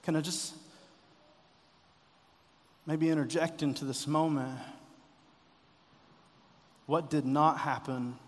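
A man preaching a sermon as pastor, impassioned, rising to loud cries when he voices a quoted prayer. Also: fairly high pitch, fairly even intonation, slow, pauses often, big-room sound.

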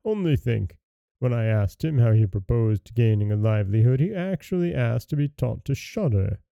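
A man's voice: medium pitch, lively intonation, moderate pace, vocal fry, warm tone, no room sound, studio quality. A man reading as an exasperated scolding father. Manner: scolding, sighing.

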